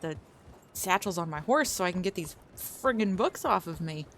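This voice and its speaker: A woman's voice: on the low side, animated, moderate pace, a bit bright, slight background noise. A young woman streamer chatting casually with viewers, rambling, breaking off mid-sentence and starting again. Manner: rambling, self-interrupting, trails off mid-sentence.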